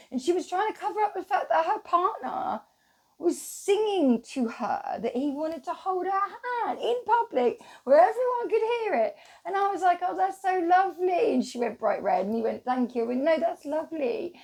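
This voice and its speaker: A woman's voice: very high-pitched, big pitch swings, moderate pace, darkish tone. Woman, channel host, rambling monologue, casual swearing, wandering talk.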